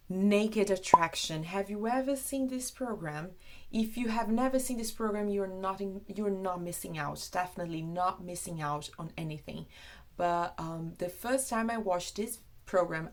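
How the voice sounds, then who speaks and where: Woman, Brazilian, native Portuguese speaker, young adult, casual and animated, explains English words. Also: mid-range voice, measured pace. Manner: chatty, animated, switches into Portuguese asides. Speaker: English teacher. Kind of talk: casual video lesson.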